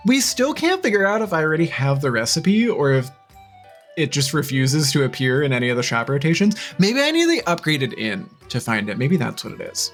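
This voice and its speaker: Chatty, expressive game streamer. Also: mid-range voice, brisk. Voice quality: chatty, expressive, with gasps and laughs. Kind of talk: live-stream chat and reading game dialogue aloud. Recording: faint game music underneath.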